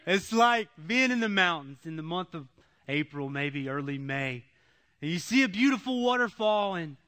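In a high voice, a man delivers an emotional testimony sermon. He repeats phrases and swings between loud, pleading passages and hushed ones.

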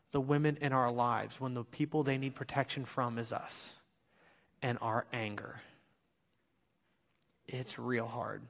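A man in his thirties giving an earnest, confessional sermon, telling a personal story and urging listeners. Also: mid-range voice. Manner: earnest, confessional, rising to emphatic exhortation. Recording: long hall reverb.

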